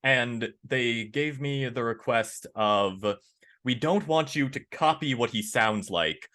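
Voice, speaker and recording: Bright-voiced man, animated storyteller. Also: takes it slowly. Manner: animated, acts out quoted lines with big pitch jumps. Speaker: voice actor guest. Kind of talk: casual interview chat.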